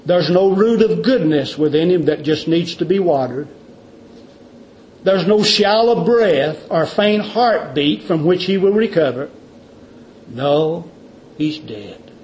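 A male preacher delivers a sermon with a high voice, hammering points through repetition. The recording is dull and lo-fi, with a faint hiss behind him. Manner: emphatic, repetitive, drops to quiet intensity.

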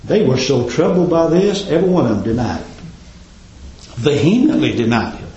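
Impassioned preacher in a roomy hall. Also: male voice, big pitch swings, normal speed, warm tone. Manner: impassioned, rising to high exclamations. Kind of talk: sermon. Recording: roomy, slightly dull recording.

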